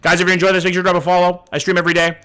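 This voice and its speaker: A man's voice: sits high, monotone, racing, fairly bright tone. A man in his thirties, a streamer from Vancouver, swearing casually as he chats with viewers while guessing locations. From Vancouver, Canada. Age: 30s. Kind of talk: live-stream commentary, reading chat.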